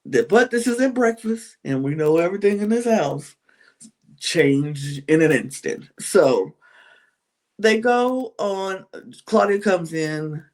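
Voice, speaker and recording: A woman hosting a podcast, recapping a reality show in a chatty, animated way with many restarts. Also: on the low side, slow.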